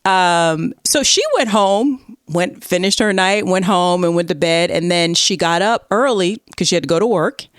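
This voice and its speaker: A woman hosting a podcast, telling a story in casual chat and acting out quotes in a higher voice. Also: moderate pace, hardly any pauses, no echo, studio quality. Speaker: podcast host.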